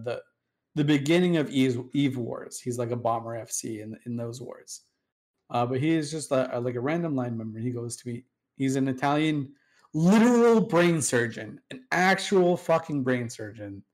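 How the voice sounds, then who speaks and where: A man's voice: mid-range voice, moderate pace, a little mellow. A man telling a long story in casual chat, rambling with fillers and swearing, acting out the people he quotes. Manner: rambling, profane, acts out quoted dialogue with fillers. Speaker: storyteller guest recounting game history.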